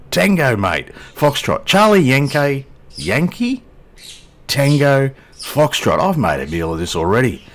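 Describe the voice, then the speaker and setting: A man with a low voice gives casual, joking commentary as he sets up and flies a simulated plane. His pitch swings widely as he talks, with plenty of self-deprecating asides. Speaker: flight sim video host.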